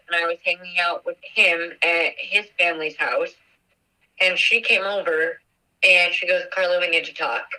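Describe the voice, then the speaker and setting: A young woman recounts a personal story with a bright, sharp tone. Her delivery is halting and emotional, and it is full of little fillers. She sounds slightly distant from the mic. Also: fairly low pitch. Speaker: guest, victim's daughter.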